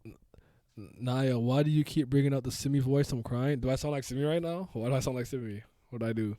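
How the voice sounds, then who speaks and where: A man's voice: mid-range voice, quick pace, warm tone, no echo, clean studio sound. A young man hosting a casual chat, rambling with lots of restarts and fillers. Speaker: podcast host. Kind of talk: casual chat about manga.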